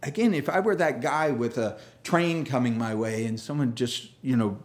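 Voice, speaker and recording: Male pastor, casual sermon, animated storyteller who slips into the characters' voices, mid-range pitch. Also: normal speed. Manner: lively storyteller, acts out quoted voices, self-deprecating humor. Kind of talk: conversational sermon.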